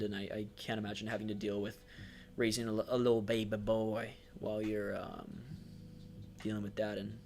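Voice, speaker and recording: Male streamer host, flat gentle delivery, supportive and affectionate, faint music underneath. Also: on the low side, creaky. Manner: affectionate, supportive, frequent fillers; reads chat comments aloud. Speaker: livestream host. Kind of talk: casual livestream chat.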